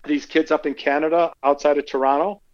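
Animated storytelling man on a dull line. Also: a little high, brisk. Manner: animated anecdotes, acts out quotes. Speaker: guest speaker. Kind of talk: conversational storytelling.

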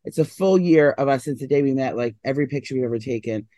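A man's voice: medium pitch, fast talker, warm tone, no echo. A man in his thirties chats on a podcast, rambling loosely with plenty of "like" and "um". He sounds sleepy, as though he has just woken up. The recording is dry and close, with no room sound. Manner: rambling, full of "like" and "um", sleepy and yawning. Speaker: podcast co-host. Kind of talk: casual chat.

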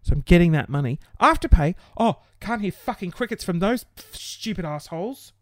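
A man's voice: high-pitched, animated, normal speed, dry recording. Exasperated, sweary man, dry close sound. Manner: exasperated, sweary, laughing through frustration. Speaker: small business owner. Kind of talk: casual vlog rant.

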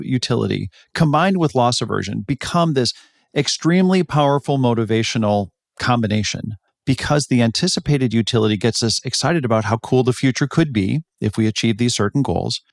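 A man with a gravelly, fry-tinged voice co-hosts a podcast in relaxed conversation. He explains ideas carefully, often pausing to restart a phrase. The recording is dry and close, with no room sound. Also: mid-range voice, dry recording. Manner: thoughtful, explanatory, with frequent restarts. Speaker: podcast co-host. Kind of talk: casual conversational podcast chat.

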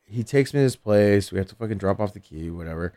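A man's voice: lowish voice, animated, fast, dark tone. A man co-hosting a casual radio show, telling a story with plenty of swearing and laughing mid-sentence. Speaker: co-host.

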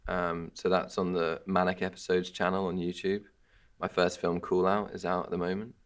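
A man guesting on a film podcast, chatting in a relaxed, easygoing way. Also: sits low, moderate pace. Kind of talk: casual film chat.

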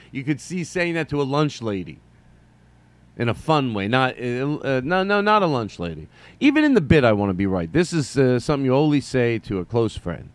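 A man hosting a solo comedy podcast, rambling through a story with jokey asides and quick mock voices. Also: medium pitch, big pitch swings.

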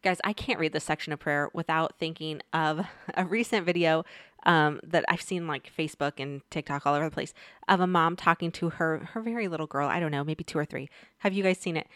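A woman's voice: deep voice, a little fast, a bit bright, no room sound, studio quality. A woman giving a casual devotional Bible lesson, chatty and speaking straight to her viewers with questions. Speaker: Bible teacher.

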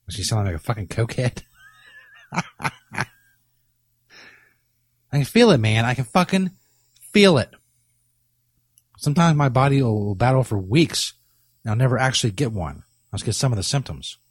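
A man's voice: mid-range voice, a little mellow, dry recording. A man hosting a comedy podcast with a rambling, boastful, profane monologue, coming down with a cold. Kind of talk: crude comic monologue.

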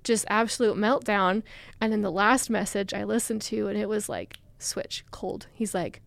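A woman's voice: mid-range voice, moderate pace, creaky, no room sound. A young adult woman, a podcast guest, telling a personal story in a chatty way with lots of "like" fillers. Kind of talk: casual storytelling.

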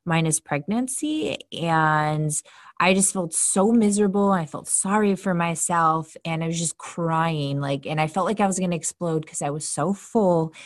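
A woman with a fairly low voice hosts a casual solo podcast, speaking candidly and chattily as a health coach. Her delivery is relaxed and personal, and the odd swear word slips in. The sound is dry and close, with no room echo. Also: normal speed.

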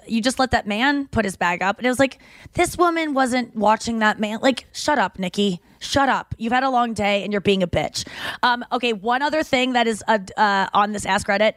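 Brisk and a little bright, her fairly high-pitched voice has no room sound at all. She's a podcast host chatting casually from a makeshift home studio, peppering her talk with swearing and dramatizing the quotes of the people she describes.

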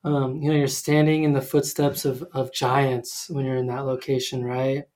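Guy chatting on a podcast, lots of ums and false starts, middle pitch. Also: level tone, moderate pace, darkish tone. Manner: hesitant, full of ums and restarts. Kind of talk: casual chat.

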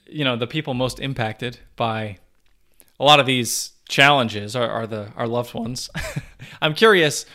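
A man's voice: medium pitch, unhurried, sharp tone. A man hosting a podcast, asking questions and closing the show in a friendly, polished way. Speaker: podcast host. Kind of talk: podcast interview and outro.

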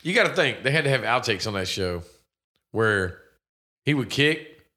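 A man in casual, profane chat with a friend, joking around and slipping into quick impressions. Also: mid-range voice, expressive, bright, forceful tone.

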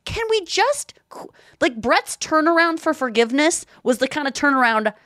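A woman co-hosting a podcast in casual chat, telling stories with lively acted-out quotes. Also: sits high, normal speed, no room sound, studio quality. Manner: animated storytelling, acts out quotes. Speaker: podcast co-host.

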